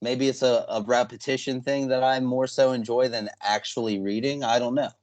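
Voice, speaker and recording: A man's voice: mid-range voice, steady tone, moderate pace, darkish tone. A young man hosting a podcast, chatting casually and rambling with plenty of fillers and trailing thoughts. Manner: rambling, hesitant, lots of fillers. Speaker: podcast host. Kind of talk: casual chat.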